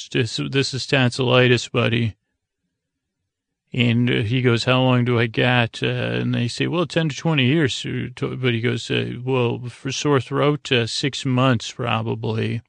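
Halting, flat-voiced man with gravelly fry. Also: medium pitch, no room sound. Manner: halting, many "uh"s and restarts, loosely quoting characters. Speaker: podcast host recapping a TV episode. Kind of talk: rambling casual recap.

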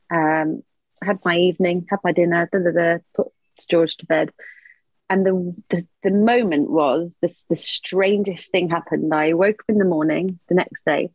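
A woman's voice: fairly low pitch, breathy edge, dry recording, lo-fi sound. A woman, a mother, telling a personal story as a podcast guest, earnest and open with a light laugh at times. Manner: earnest, open and emotional, laughs a little through hard memories.

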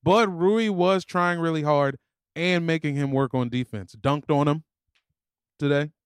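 A man co-hosting a casual sports podcast, breaking down the game and tossing in quick jokes. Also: on the high side, clean tone, dry recording, studio quality. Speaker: podcast co-host.

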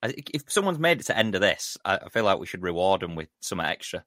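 A man with a lowish voice who talks quickly, co-hosting a podcast. He drops dry, blunt quips, recorded close and dry. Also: very animated, pushed and bright, no room sound. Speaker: podcast co-host. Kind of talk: casual chat.

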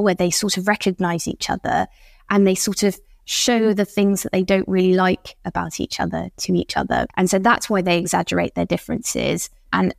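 A woman's voice: lowish voice, gravelly, a little mellow, dry recording, clean studio sound. A woman, a think tank policy expert, talking in a podcast conversation. She explains at length and acts out quoted speakers as she goes.

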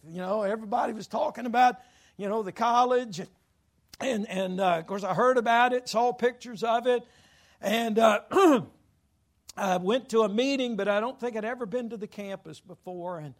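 A male pastor from Louisiana, preaching through a folksy, rambling personal story with self-deprecating humor. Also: high-pitched. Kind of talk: sermon told as a personal story.

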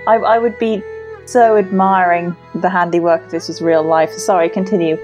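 A woman's voice: fairly low pitch, fairly even intonation, moderate pace, a little mellow, faint music behind. A woman player in a tabletop game, chatting casually and prone to fits of giggles. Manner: chatty, easily breaks into giggles. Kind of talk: casual tabletop play chat.

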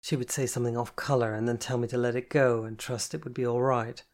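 An audiobook narrator reading a first-person novel in a soft, even delivery. The voice sits at a middle pitch with a distinctly gravelly, creaky texture. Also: fast.

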